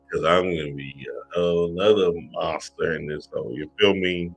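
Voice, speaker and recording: A man's voice: low-pitched, steady tone, normal speed, vocal fry, hardly any pauses, a bit bright, faint music behind. A man giving a loose, profane, street-casual motivational talk on spiritual self-help, with frequent restarts.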